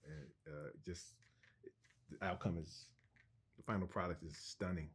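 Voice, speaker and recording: Middle-aged guy telling a story in an interview, lively, lots of restarts and quick asides. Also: low voice, breathy edge. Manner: animated anecdotal storyteller with many restarts. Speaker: cartoonist guest.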